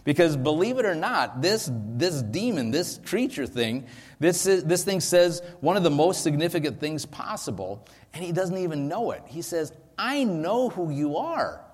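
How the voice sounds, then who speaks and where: A man's voice: fairly high pitch, sing-song, moderate pace, husky, long reverb tail. A male pastor teaching a sermon into a microphone, explaining in a conversational way with frequent ums and asides.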